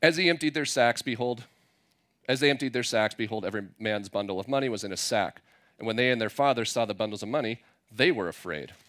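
A man's voice: medium pitch, fast talker, a bit bright. Conversational man preaching a sermon. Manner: conversational, mixes scripture reading with playful paraphrase. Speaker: pastor.

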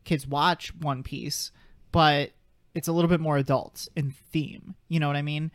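A man's voice: on the high side, fairly even intonation, moderate pace, no echo, studio quality. A man in his twenties co-hosting a podcast in casual chat, rambling with lots of fillers and side tracks. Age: 20s. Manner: rambling, filler-heavy and sidetracked. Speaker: podcast co-host.

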